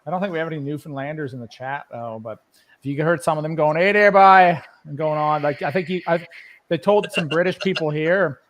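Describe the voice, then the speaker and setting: A man's voice: a little high, fairly quick. A man with an East Coast Canadian accent chatting casually on a livestream, rambling and laughing often. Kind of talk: casual chat.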